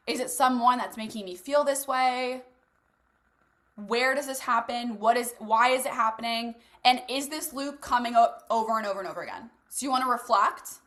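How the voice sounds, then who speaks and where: Young woman, high voice, motivational coach, casual, blunt, swears, talks straight to listeners. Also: bright, forceful tone. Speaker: host leading a live masterclass.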